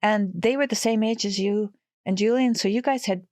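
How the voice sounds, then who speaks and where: A woman in her sixties from western Canada tells stories in a lively, animated way, often breaking into laughter. Her voice sits in a middling register. The recording is close and dry. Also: medium pitch, normal speed, no echo. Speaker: guest. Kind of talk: casual storytelling.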